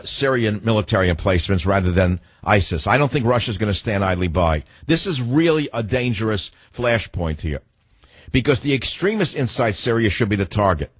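Blunt, opinionated talk radio host. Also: male voice, mid-range voice, husky, no room sound. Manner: blunt, opinionated, rambling with restarts. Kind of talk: political talk radio monologue. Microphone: studio microphone.

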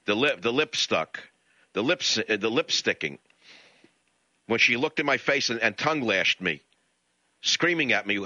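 A man's voice: mid-range voice, animated, moderate pace, bright, forceful tone, dry recording. A male radio talk show host delivering a blunt, sarcastic monologue into a studio mic. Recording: dull lo-fi radio audio.

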